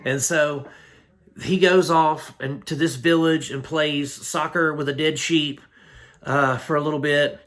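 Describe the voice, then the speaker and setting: A man's voice: a little high, steady tone, unhurried, fairly bright tone. A man recapping a film in a casual, rambling, slangy way, full of fillers. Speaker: film reviewer.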